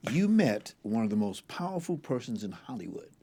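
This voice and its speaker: A man hosting an interview who prompts his guest with brief, steady questions. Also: fairly low pitch, normal speed, creaky, husky. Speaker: host.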